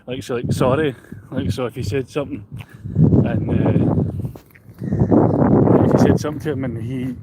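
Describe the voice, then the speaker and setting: A man's voice: mid-range voice, moderate pace, pauses often. A Scottish man chatting casually as a vlogger at a windy harbour, rambling and reading out viewer comments. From Scotland. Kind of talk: casual live-stream chat outdoors. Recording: loud wind noise on the mic.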